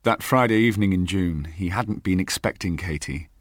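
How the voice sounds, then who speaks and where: A man narrating a third-person audiobook in a measured, steady way. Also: low voice, no room sound, studio quality.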